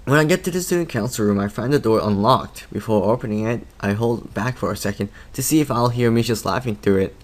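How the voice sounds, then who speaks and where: A man's voice: mid-range voice, fast, hardly any pauses. Man swearing and laughing over a game. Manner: profane, laughing asides. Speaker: let's play host. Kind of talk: reading a visual novel aloud with commentary.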